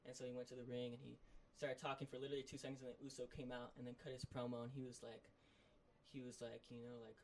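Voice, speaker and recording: Male podcast co-host, rapid rambling recap, mid pitch. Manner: excited rambling recap full of "like". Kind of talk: casual chat.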